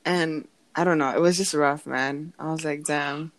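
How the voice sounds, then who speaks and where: A young woman chatting casually, telling an animated story, acting out what others said and laughing often. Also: low-pitched, moderate pace. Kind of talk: casual chat.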